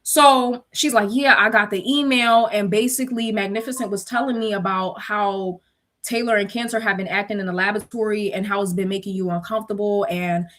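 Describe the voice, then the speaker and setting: A young woman telling a work story in casual chat, animated and slangy, laughing often and acting out quotes. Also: a little fast. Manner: acts out quotes with shrill pleading.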